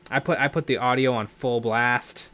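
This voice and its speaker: A man's voice: medium pitch, steady tone, moderate pace, a bit bright. A young man hosting a live stream, chatting casually while painting miniatures, rambling and correcting himself as he talks. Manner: rambling, self-correcting, laughs often. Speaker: livestream host.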